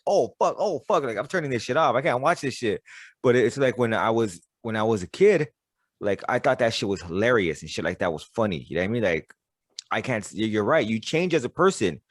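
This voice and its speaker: A man's voice: mid-range voice, expressive, quick pace, no echo, studio quality. A man hosting a podcast, talking candidly and bluntly with lots of cursing and stammered restarts. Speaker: podcast host. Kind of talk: casual interview conversation.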